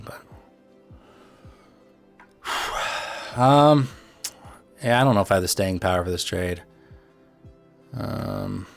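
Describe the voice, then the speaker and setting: A young man with a Chicago accent talks in a low voice, rambling casually to viewers as a livestream host. He speaks bluntly and fills gaps with "like" and "um". Faint music plays behind him. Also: gravelly. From Midwest United States. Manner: loose and chatty, full of fillers and blunt asides.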